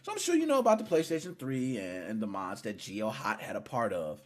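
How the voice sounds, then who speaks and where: A man hosting a casual gaming podcast, teasing his guest in an animated, playful way. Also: fairly low pitch, brisk. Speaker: podcast host.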